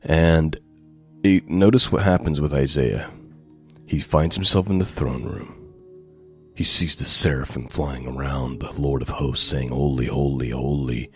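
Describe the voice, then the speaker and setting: Very deep, slow-speaking male preacher. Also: faint music behind. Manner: slow, deliberate, emphatic repetition. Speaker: pastor. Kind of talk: sermon with scripture reading.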